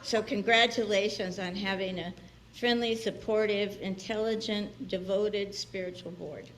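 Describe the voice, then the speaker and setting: A guest minister, a woman with a medium-pitched voice and fairly even intonation, speaks a little slowly over a faint hiss or hum. In a church sanctuary she gives a chatty, personal sermon, laughing often and acting out the people she quotes.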